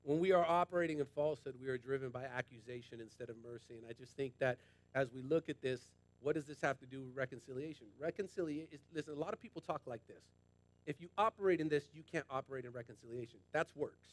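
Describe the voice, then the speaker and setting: A man's voice: mid-range voice, fast talker. A man preaching a sermon as pastor, emphatic and colloquial, repeating lines for emphasis and addressing the congregation directly. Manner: passionate, emphatic preaching with repetition.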